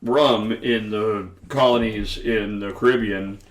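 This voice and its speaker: Brewery guest, male, steady explainer, off-mic, roomy sound. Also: lowish voice, takes it slowly, far from the mic, a crowd in the background. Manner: matter-of-fact explainer. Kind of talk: casual explaining.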